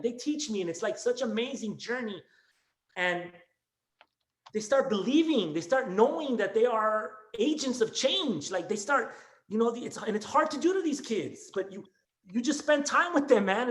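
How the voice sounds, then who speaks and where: This man's pitch is extremely high, and the room echoes. An elementary school teacher, he speaks raw and emotional in a class discussion on a video call, rambling and restarting while peppering in "man" and "dude."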